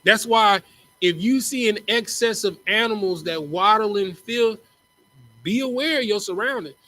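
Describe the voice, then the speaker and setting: A man's voice: sits high, normal speed, pushed and bright, poor audio. A man teaching a class in a casual, slangy, joking way, often repeating words as he starts a line. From Texas. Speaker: teacher in a religious group class. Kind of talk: casual preaching lecture.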